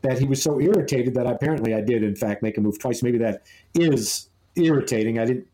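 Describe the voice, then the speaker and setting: Podcast co-host, male, mellow tone, loose rambling storyteller. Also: medium pitch, brisk, rough recording. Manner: rambling, amused anecdote-telling with many restarts. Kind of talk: casual storytelling chat.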